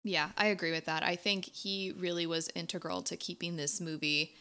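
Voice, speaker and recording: A young woman co-hosting a casual movie chat, enthusiastic and quick to laugh. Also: lowish voice, steady tone, clean tone. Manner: warm, enthusiastic, laughs often. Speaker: podcast co-host.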